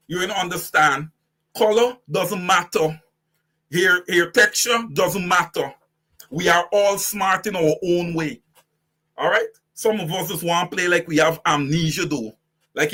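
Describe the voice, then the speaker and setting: A man's voice: on the high side, bright, forceful tone, slightly rough. A man with a Guyanese accent hosting impassioned political commentary, preaching fiery direct address to his audience. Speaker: host.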